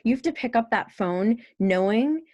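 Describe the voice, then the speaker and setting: A woman's voice: on the high side, expressive, normal speed, dark tone, dry recording, dull audio. A woman guest talking through marketing ideas in a thoughtful, conversational way, laughing easily. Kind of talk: casual conversation.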